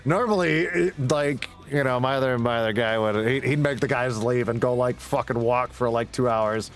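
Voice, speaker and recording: A man's voice: medium pitch, normal speed. Blunt, swearing young man telling stories. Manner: blunt, profane, laughs often. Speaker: gaming streamer. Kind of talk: casual storytelling while gaming.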